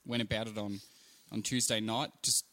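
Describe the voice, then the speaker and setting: Bright-voiced young Australian man, laid-back. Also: fairly low pitch, little pitch movement. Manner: laid-back, halting with fillers. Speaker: podcast guest. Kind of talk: casual podcast chat.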